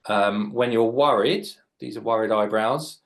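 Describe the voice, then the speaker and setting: A chatty children's author and illustrator in his late 40s jokes and explains as he draws live for kids. He speaks at a measured pace in a lowish, slightly bright voice with vocal fry.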